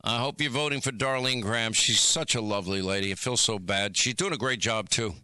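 A man hosting a call-in radio talk show, talking quickly with stammering restarts. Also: lowish voice, bright, forceful tone, clear, resonant tone, no echo. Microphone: studio microphone.

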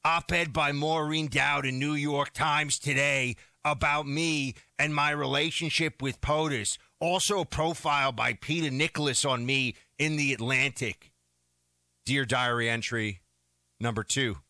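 A male talk radio co-host with a bright, pointed voice pitched a little above the usual. He speaks heatedly and mockingly, and the sound is close and dry. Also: steady tone, measured pace, hardly any pauses, clear, resonant tone, no echo. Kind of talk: opinionated talk radio commentary.

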